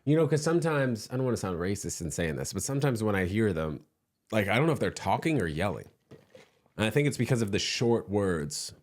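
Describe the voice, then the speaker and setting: A man hosting a podcast, talking in loose, animated banter, swearing freely and laughing easily. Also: on the low side, fairly quick.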